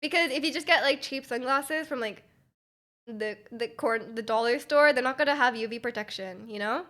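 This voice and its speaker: A woman's voice: fairly high pitch, moderate pace, fairly bright tone. A young Canadian woman streaming live, chatting casually with her viewers, giggling and rambling with many restarts.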